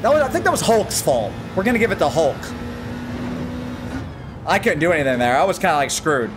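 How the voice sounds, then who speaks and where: An American man on a live stream, chatting casually and excitedly with his viewers and greeting them by name while he races. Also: a little high, fairly quick, noisy background. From United States. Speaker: gaming livestreamer.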